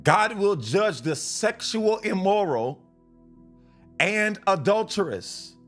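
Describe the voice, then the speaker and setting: A fervent man preaches on a live stream, his voice sitting high for a man. He repeats and restarts lines as he reads scripture, breaking into blunt asides, with faint music underneath. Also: big pitch swings, takes it slowly, a bit bright. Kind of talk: live-stream sermon and Bible reading.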